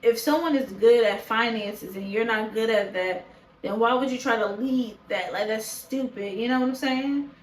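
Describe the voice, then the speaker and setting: A woman's voice: on the high side, normal speed, reverberant, a little hiss or hum, poor audio. Blunt, foul-mouthed woman reviewer. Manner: blunt, profane and opinionated. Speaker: show reaction vlogger. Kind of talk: casual review chat to camera. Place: indoors, talking to a camera.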